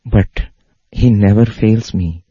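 A man telling a devotional story in an earnest way, his voice going higher when he quotes others. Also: slow pace, warm tone, breathy edge, no echo. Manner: earnest, rises in pitch when quoting others. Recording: dull lo-fi dry recording.

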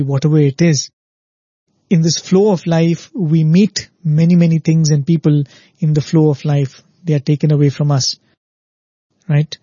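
A man's voice: a little high, warm tone, husky, no echo, dull audio. A man giving a reflective spiritual talk, telling a parable and often checking in with "right?" and repeated "very, very". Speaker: spiritual speaker.

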